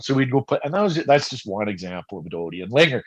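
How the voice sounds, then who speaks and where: A middle-aged man, a former pro hockey player, casually telling animated, profane stories and often restarting his sentences. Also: mid-range voice, fast talker, lo-fi sound. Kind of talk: casual storytelling.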